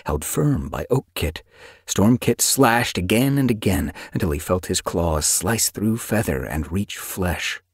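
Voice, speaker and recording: A man narrating an audiobook with expressive storytelling. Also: low-pitched, unhurried, slightly rough, no echo, studio quality. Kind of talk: scripted narration.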